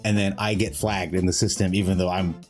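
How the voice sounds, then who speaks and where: A man's voice: deep voice, little pitch movement, fairly quick, darkish tone, faint music behind. A man from Canada, chatting on a live stream, effusive and jokey as he gushes thanks to his chat.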